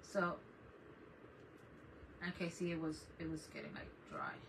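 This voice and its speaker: Speaking in a low, unhurried voice with huge swings in pitch, this craft channel host runs a relaxed live stream at her desk at home, laughing a lot and welcoming viewers by name. Faint background noise comes through a distant mic.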